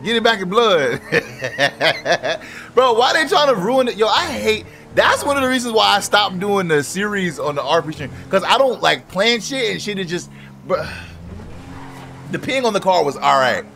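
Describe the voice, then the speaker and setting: Brash male streamer in a cop roleplay, high, lively voice, bright tone, profane and loud. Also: moderate pace, gravelly, slight background noise. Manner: brash, profane, yelling and joking. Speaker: streamer playing a police officer in online roleplay. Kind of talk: loud improvised game roleplay.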